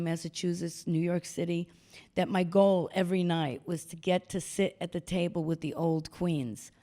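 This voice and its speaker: Older woman telling lively stories. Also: fairly low pitch. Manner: animated storyteller acting out quoted voices. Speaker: guest speaker. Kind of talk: storytelling talk. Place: stage talk before an audience.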